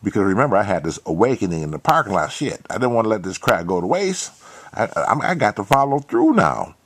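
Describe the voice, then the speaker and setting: Man, lowish voice, cursing, repeats himself, monologue. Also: very animated, a little fast, slight background noise. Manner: profane, repetitive, emphatic. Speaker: channel host. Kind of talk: storytelling monologue.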